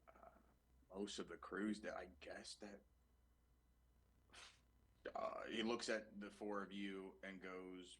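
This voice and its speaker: A man's voice: sits low, little pitch movement, slow pace, pauses often, a bit bright, breathy edge, rough recording. A man narrating a tabletop game as game master, casual and full of fillers.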